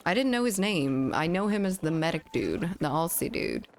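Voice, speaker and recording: Young female streamer, lowish voice, chatty and giggly, close studio mic. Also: very animated, moderate pace, a little hiss or hum. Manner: chatty, giggly, reads chat aloud. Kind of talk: casual gaming livestream chat. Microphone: studio condenser mic.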